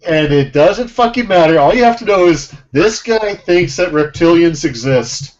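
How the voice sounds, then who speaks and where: A man's voice: on the high side, lively intonation, normal speed, darkish tone, dull audio. A man co-hosting a comedy show, blunt and exasperated. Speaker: co-host. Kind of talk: casual comedic riffing.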